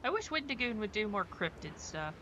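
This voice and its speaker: A woman's voice: mid-range voice, big pitch swings, brisk, pushed and bright, dull audio, a little hiss or hum. A woman streaming a game, chatting casually in a rambling way full of fillers. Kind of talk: casual chat while playing a game.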